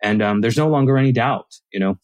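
A man's voice: mid-range voice, quick pace, dry recording, poor audio. Guy guest on a podcast, acts out the quotes as he goes, dry sound. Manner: animated storytelling, acts out quoted lines. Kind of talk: casual conversation.

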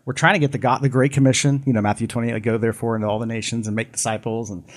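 A man's voice: medium pitch, little pitch movement, very fast. A man co-hosting a live podcast, telling a long story with many restarts and asides. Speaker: podcast co-host.

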